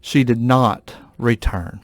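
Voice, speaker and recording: A man's voice: mid-range voice, slow pace, no echo. A male pastor reading scripture aloud and commenting on it in an earnest, reflective way. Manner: earnest, reflective, with frequent restarts.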